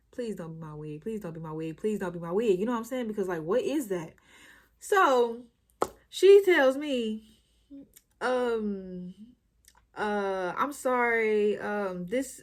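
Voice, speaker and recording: A young woman, chatting casually and animatedly as she tells a story-time vlog. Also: a little high. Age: young adult. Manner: chatty, slangy, animated retelling. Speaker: YouTuber.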